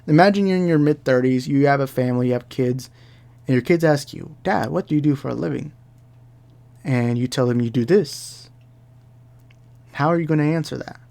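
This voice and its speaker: A man's voice: fairly high pitch, creaky, a little mellow. A young man giving heated commentary, ranting and repeating himself as he talks. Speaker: commentary YouTuber. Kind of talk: angry reaction commentary.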